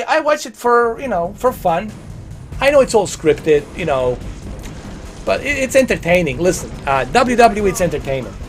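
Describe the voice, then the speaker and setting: Chatty forties man, slightly high voice. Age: 40s. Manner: rambling, repeats "man" and "you know"; earnest and opinionated. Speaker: livestream gamer. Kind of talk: casual livestream chat.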